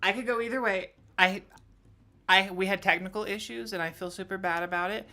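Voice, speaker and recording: A woman running a tabletop game as game master, chatty and quick to explain. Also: mid-range voice, fairly even intonation, pushed and bright.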